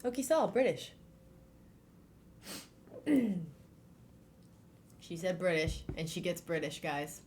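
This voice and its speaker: A woman co-hosting a casual book club livestream, quick and animated, often laughing with chat. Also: fairly low pitch, slight background noise. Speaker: streamer co-host.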